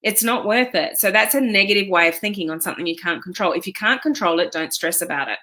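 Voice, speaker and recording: A woman's voice: medium pitch, fast talker, sharp tone. A woman giving casual, encouraging motivational advice to her online community, chatty and full of fillers. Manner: chatty, encouraging, with many fillers and quoted self-talk. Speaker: online business coach.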